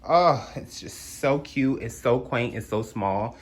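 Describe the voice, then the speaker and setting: A man's voice: mid-range voice, slow. Sassy chatty young man. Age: young adult. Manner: sassy and chatty, drawling slang asides. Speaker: vlogger giving a home tour. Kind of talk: casual home tour chat. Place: small apartment indoors.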